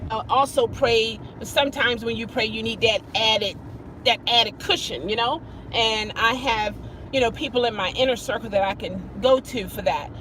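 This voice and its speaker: Chatty high-voiced woman hosting a live stream. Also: slight background noise. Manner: chatty, greets viewers by name mid-story; expressive, jumps high when emphasizing. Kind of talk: casual live-stream chat.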